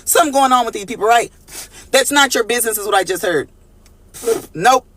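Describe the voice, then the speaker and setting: A man giving a casual tarot reading to viewers, animated, profane and preachy, calling them y'all and baby, sometimes slipping into a sing-song. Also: very high voice, brisk, no room sound. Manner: breaks into sing-song phrases. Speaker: tarot reader.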